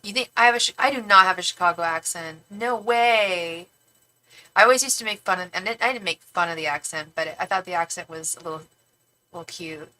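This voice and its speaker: Reading viewer comments aloud on her casual livestream, a middle-aged tarot reader from California's San Francisco Bay Area talks in a bright, forward voice with a Northern California accent. Her pitch is fairly low and she speaks a little fast, animated and full of slang, "like," and playful swearing. The recording is rough.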